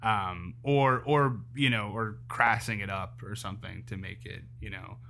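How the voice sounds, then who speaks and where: A man's voice: lowish voice, measured pace, creaky, pushed and bright. A man co-hosting a podcast who retells comedy bits with energy, often with fillers and restarts. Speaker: podcast co-host. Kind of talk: casual podcast chat.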